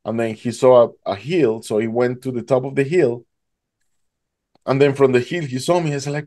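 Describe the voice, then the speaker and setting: Dark-voiced man. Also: moderate pace. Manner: animated, acts out his own past voice rising high in panic. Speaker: guest telling his story. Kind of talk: emotional storytelling.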